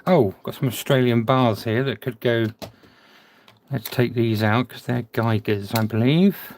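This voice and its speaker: A man's voice: mid-range voice, a little slow, a little mellow, a little hiss or hum. A man casually narrating as he sorts his collection, chatty and thinking aloud, half muttering to himself. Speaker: coin collector vlogger. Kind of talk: casual narration while sorting.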